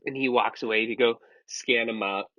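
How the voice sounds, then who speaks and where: A man's voice: medium pitch, steady tone, moderate pace. A man in his twenties casually telling a rambling, profane story. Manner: rambling and profane, with many fillers. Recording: dull lo-fi sound.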